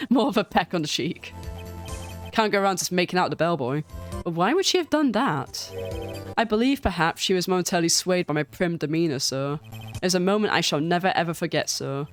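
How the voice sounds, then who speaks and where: A woman reading a stiff, fawning male bellboy from a courtroom game, clipped and formal, who sinks his voice low on every "sir". A soft, slightly low voice, with quiet music under it. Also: lively intonation, fairly quick, lightly acted. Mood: prim. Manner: formal and deferential, ends lines with a low "sir".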